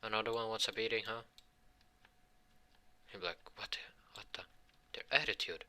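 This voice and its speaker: Man, improvised storyteller; halting, rambling delivery, very bright, tense tone. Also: lowish voice, steady tone. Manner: voices the characters' lines in his own voice. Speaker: fan fiction storyteller. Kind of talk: improvised fan fiction storytelling.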